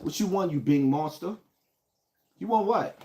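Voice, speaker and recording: Hyped New streamer, lively pitch. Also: male voice, measured pace. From Bronx, New York. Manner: hyped, calls out viewers by place. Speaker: live streamer. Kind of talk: casual livestream talk.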